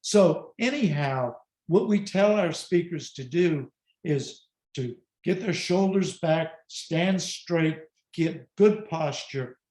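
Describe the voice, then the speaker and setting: Male speaker coach, slightly higher voice, conversational and emphatic, video-call audio in a roomy echoey room. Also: lively intonation, slow pace, darkish tone. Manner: conversational, emphatic, self-deprecating. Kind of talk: online presentation on public speaking.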